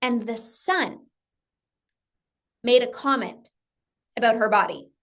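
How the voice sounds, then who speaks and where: A woman's voice: a little high, slow. A woman coach giving an emphatic motivational talk, often acting out her client's thoughts and repeating phrases for effect.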